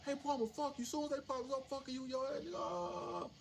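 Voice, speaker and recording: A man voicing rowdy male inmates who yell taunts from their cells. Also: fast talker, vocal fry. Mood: taunting. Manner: shouted taunts, very high pitch. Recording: noisy background.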